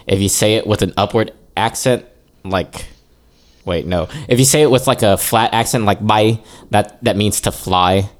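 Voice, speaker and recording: A man co-hosting a podcast, telling a story in halting, giggly casual chat. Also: lowish voice. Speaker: podcast co-host.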